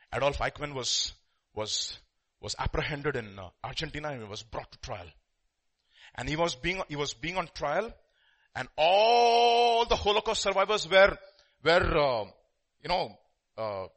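Husky bright-voiced guy preaching, storytelling, loud bursts then quiet. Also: a little high, lively intonation, a little slow, pauses often. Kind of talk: sermon.

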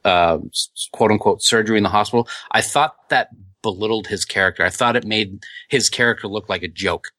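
A man's voice: fairly low pitch, fairly quick, pushed and bright, no echo. A man co-hosting a casual fan podcast, rambling with frequent ums and restarts. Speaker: podcast co-host.

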